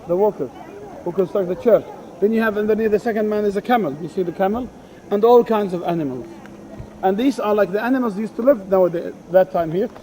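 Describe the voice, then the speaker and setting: A man's voice: high voice, darkish tone, slight background noise. A man working as a tour guide, explaining the sights to a group outdoors among ancient ruins and often checking whether they can see what he points at.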